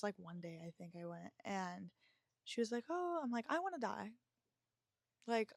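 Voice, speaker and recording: A woman's voice: mid-range voice, no echo, clean studio sound. A woman hosting a podcast, telling her own story in a reflective, confessional way with many filler words. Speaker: podcast host. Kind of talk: candid personal storytelling.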